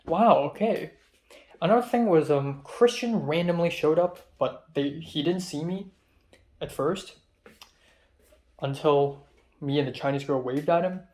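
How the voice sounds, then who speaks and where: A young man, a native Cantonese speaker, with a slightly higher-pitched voice. He rambles through his story in a casual vlog style, filling pauses with ums and restarting sentences as he goes. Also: a little mellow. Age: young adult. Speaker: vlogger.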